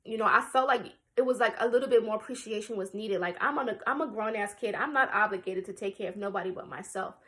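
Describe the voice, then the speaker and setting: A woman's voice: medium pitch, fast talker, hardly any pauses, a bit bright. A woman in her twenties, a vlogger, candidly telling a personal story to camera in a raw, emotional and blunt way, swearing casually.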